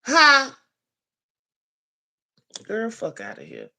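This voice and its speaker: A woman's voice: a little high, wildly swooping pitch, drawn-out words, gravelly, pushed and bright. A woman giving a heated, profane commentary rant, blunt and scolding. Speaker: commentary vlogger.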